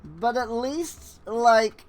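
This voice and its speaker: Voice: medium pitch, animated, very slow. A streamer giving casual game commentary with chatty, self-deprecating asides.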